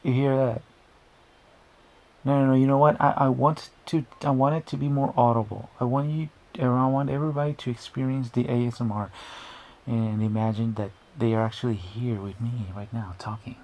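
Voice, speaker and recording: Brief: male creator, mid-pitched, gravelly, loose rambling commentary full of restarts. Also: fairly even intonation, fairly quick, a little mellow. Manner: rambling, frequent restarts and asides. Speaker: video creator.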